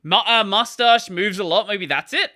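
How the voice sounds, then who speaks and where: A man's voice: high voice, normal speed, pushed and bright. A man streaming games who rambles casually, laughs often and keeps restarting his sentences as he reacts. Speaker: gaming streamer. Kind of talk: casual live-stream commentary.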